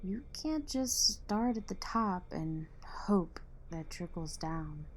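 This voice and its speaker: Woman as young vigilante, husky and slow, dry and teasing. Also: lowish voice, lively intonation. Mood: wry. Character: wary young female street vigilante. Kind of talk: fan audio drama.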